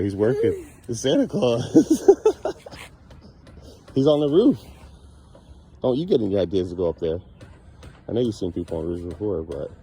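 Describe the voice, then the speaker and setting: A man's voice: on the low side, mellow, breathy edge. A man talking casually to his young son as a father, playful and coaxing, teasing him now and then.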